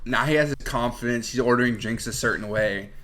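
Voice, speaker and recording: A man's voice: mid-range voice, a little fast, fairly bright tone, slight background noise. A man in an easygoing podcast chat with an ordinary mid-range voice. He retells movie scenes with animation and laughs easily, talking candidly and a little crudely. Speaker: podcast co-host. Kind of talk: casual movie review chat.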